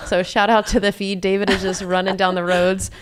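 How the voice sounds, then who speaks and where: A woman's voice: medium pitch, level tone, fairly quick. A young woman commentating a live running race in a chatty way, with many fillers as she runs through splits and standings.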